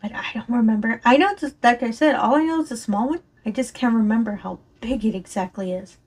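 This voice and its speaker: A woman's voice: on the high side, brisk, darkish tone, breathy edge. A woman chatting casually and rambling while she works on a craft, her voice a little strained from allergies, often apologizing and laughing. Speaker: crafting vlogger. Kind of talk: casual chat while diamond painting.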